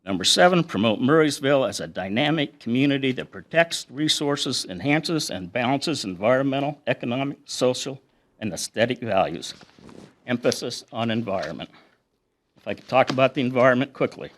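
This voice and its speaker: A man's voice: mid-range voice, expressive, brisk, a bit bright. Middle-aged man, resident speaking at council podium; earnest, methodical, quotes the plan. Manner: earnest, lists points and reads quotes aloud. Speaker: resident giving public comment. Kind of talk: prepared public comment at a council meeting. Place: council meeting room.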